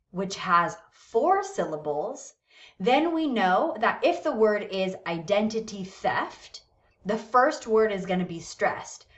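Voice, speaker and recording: Slow, patient woman teacher, lively pitch. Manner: patient, checks in often with "right?" and "okay?"; slows down to model pronunciation of words. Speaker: English teacher. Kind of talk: recorded classroom lesson. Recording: dull lo-fi recording.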